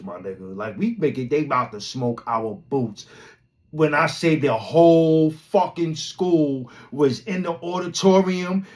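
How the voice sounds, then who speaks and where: A man from Brooklyn, a podcast host telling a rambling, animated, slang-heavy story full of swearing. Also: medium pitch. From Brooklyn, New York. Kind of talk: casual storytelling.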